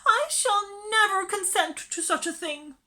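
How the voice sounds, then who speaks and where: A woman voicing a fussy, haughty lady who dotes on her dog, talking in a shrill, tearful wail in a storybook reading. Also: unhurried, pushed and bright, heavily acted.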